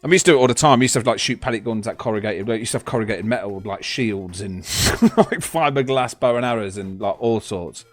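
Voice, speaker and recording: A man's voice: fairly low pitch, animated, fast talker, hardly any pauses, dry recording, faint music behind. A man, a podcast co-host, telling rambling stories in casual chat, laughing and swearing as he goes.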